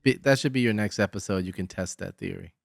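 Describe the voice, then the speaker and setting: A man's voice: on the low side, fast, creaky, no echo. Man with a dry close voice, chiming in. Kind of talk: casual chat.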